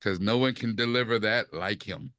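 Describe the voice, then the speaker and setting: A man co-hosting a podcast, talking casually about a TV series and acting out quoted lines in lively bursts. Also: on the low side, normal speed, clear, resonant tone. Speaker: podcast co-host. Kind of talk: casual chat, TV review.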